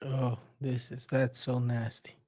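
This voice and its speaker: A man co-hosting a podcast, chatting in an animated way with quick restarts and shout-outs. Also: mid-range voice. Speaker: co-host. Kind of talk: casual podcast chat.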